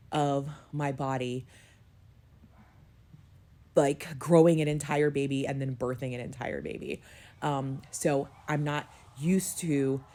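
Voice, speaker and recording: A woman's voice: sits low, warm tone. A young woman vlogging candidly as a new mom, emotional and close to tears, her voice wavering and sometimes dropping to a whisper. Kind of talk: candid personal vlog.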